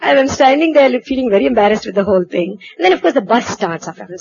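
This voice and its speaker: A woman from India, telling a personal anecdote in a lively way, acting out dialogue and laughing at herself. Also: a little high, fast, vocal fry, hardly any pauses, dull audio. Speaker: storyteller. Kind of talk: personal anecdote told to an audience.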